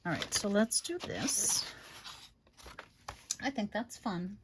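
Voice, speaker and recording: A woman's voice: mid-range voice, lively intonation, slow pace, background noise. A middle-aged woman hosting a crafting livestream, chatting casually and fondly, calling viewers honey and rambling with many fillers.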